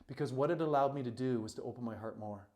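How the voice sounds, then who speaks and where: A man's voice: mid-range voice, fast, darkish tone. Earnest man telling a heartfelt story. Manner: earnest, emphatic, heartfelt, with many "you know" fillers. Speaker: coach and retreat facilitator. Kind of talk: personal storytelling to camera.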